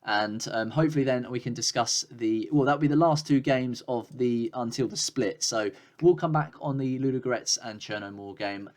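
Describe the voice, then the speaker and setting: A man commentating his own football management game, excitable and swearing in frustration. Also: mid-range voice, normal speed, few pauses. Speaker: gaming YouTuber. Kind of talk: let's play commentary.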